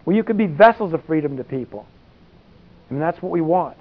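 Here the same kind of rambling, down-home sermon comes from a man whose higher voice moves briskly with lively intonation, peppered with "you know" and side remarks. It has a thin, phone-like sound.

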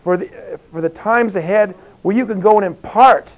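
A man's voice: high voice, normal speed. A man preaching a conversational sermon, folksy and rambling, with many asides. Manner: folksy, rambling asides with frequent "you know". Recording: tinny phone-like sound.

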